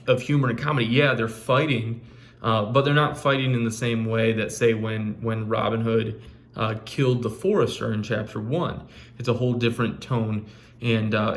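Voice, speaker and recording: Man, english teacher, casual video lesson, middle pitch, lots of uh and restarts. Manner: casual, many fillers and restarts.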